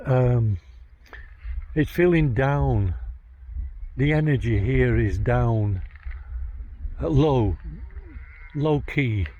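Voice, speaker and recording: A man working as a psychic medium, narrating a vlog outdoors in a graveyard, talking in a halting, hesitant way as he searches for words. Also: mid-range voice, animated. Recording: dull lo-fi outdoor recording.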